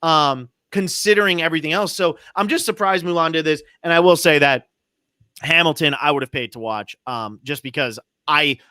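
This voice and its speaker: Bright-voiced man co-hosting a podcast. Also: fairly high pitch, normal speed, smooth, dry recording. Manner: animated, rambling asides. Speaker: podcast co-host. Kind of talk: casual podcast chat.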